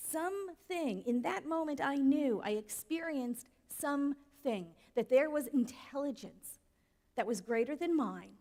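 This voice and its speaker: A woman's voice: sits high, a little mellow. A woman minister giving a sermon in a conversational way, often asking the audience questions. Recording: long hall reverb.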